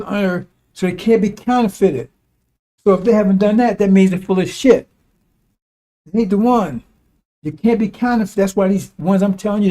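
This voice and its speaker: With a high, mellow voice, this man preaches informally as a religious commentator. He talks conversationally, drilling each point repetitively and emphatically, peppering in "see?" and "right?"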